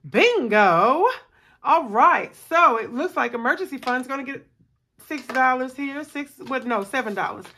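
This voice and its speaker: After a long workday, a tired woman who runs a budgeting channel chats casually with her viewers at home, counting out loud while she plays a savings game. Her voice is high and animated, bright and pushed, delivered at a measured pace.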